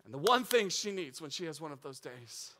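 Man in his thirties, preacher, high voice, bright and tense tone, animated delivery. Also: fairly quick. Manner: animated, builds from calm teaching to excited storytelling. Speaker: pastor. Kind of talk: sermon.

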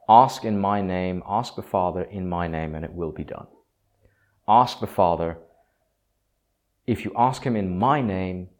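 Low-voiced man hosting a theology podcast. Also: darkish tone. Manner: conversational, opinionated, with frequent fillers and acted quotes. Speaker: podcast host. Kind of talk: solo podcast monologue on theology.

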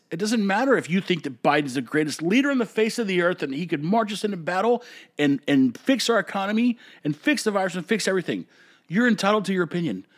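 A man from the United States hosting a solo podcast, giving blunt, opinionated rants that swing between calm talk and heated bursts. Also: high-pitched. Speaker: podcast host.

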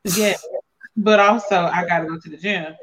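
A woman's voice: lowish voice, fairly even intonation, moderate pace, fairly bright tone. A woman hosting a casual chat, blunt and playful, with lots of salty slang. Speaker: podcast host and wellness coach.

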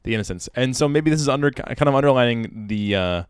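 A man's voice: mid-range voice, animated, fast talker, clear, resonant tone, no room sound, studio quality. A man co-hosting a casual book discussion podcast, joking with playful wordplay and reading passages aloud. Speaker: podcast co-host.

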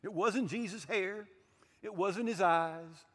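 A man's voice: high-pitched, slow, a bit bright, big-room sound. A man in his sixties preaching a sermon emphatically, with light humorous asides. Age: 60s. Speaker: pastor.

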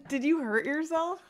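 Woman roasting her cohost on a comedy podcast, sarcastic, kinda high voice. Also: a bit bright. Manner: teasing, sarcastic, incredulous. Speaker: podcast co-host. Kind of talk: casual comedic chat.

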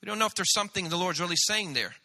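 A man pastor preaching a sermon, animated, acting out the voices of biblical figures. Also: high voice, very fast. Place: church sanctuary. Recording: church hall reverb.

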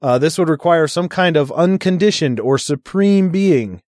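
A man's voice: on the high side, expressive, normal speed, darkish tone, no room sound, studio quality. Sarcastic man in casual chat. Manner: reads argument aloud, sarcastic asides, profane. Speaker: podcast co-host.

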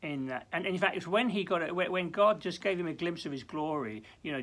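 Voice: mid-range voice, expressive, fast talker, few pauses, a bit bright. A minister giving a short devotional talk, speaking earnestly with many stammered restarts and acting out prayers with rising intensity. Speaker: church minister.

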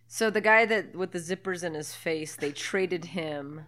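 A woman's voice: fairly low pitch, measured pace, a bit bright. A woman co-hosting a podcast, chatting casually over a movie, laughing often and swearing freely. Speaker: podcast co-host. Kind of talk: casual movie commentary chat.

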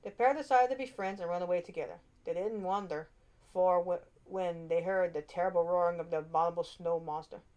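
A woman reads a children's storybook aloud in an expressive way, with small slips and restarts. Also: fairly low pitch, fairly quick.

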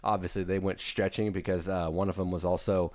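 A man's voice: sits low, level tone, fairly quick, darkish tone, no room sound. Dry-sounding easygoing man chatting. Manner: easygoing, reasoning things out with fillers. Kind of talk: casual chat.

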